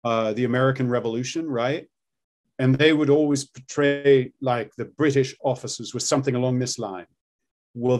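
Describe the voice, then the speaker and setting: A man's voice: mid-range voice, a little mellow. A middle-aged man, an accent coach, explaining and demonstrating accents in a casual interview.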